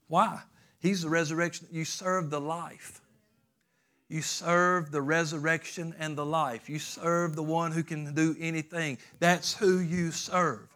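Emphatic preaching man, fairly high voice. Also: flat delivery, a little slow. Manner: emphatic preaching with swings between loud peaks and soft lows. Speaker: pastor. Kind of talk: sermon.

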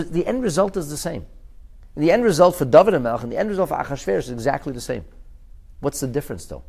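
Talmud teacher, man, lively pitch swings, restarts and repeats. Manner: animated, pitch jumps high for emphasis and acted quotes; restarts and repeats words while explaining. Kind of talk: recorded Talmud class.

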